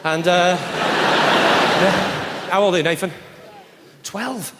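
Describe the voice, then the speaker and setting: A man doing live stand-up comedy, telling a sarcastic story in an animated way with shouted punchlines. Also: high-pitched, takes it slowly. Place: large theatre stage with audience. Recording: live hall recording with reverb and crowd noise.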